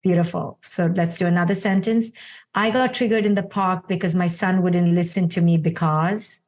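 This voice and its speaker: Middle-aged woman psychologist, calm, keeps saying beautiful, walks you through an exercise. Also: fairly low pitch, moderate pace. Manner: calm, affirming, repeats "beautiful". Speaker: clinical psychologist and guest. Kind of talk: guiding a coaching exercise in conversation.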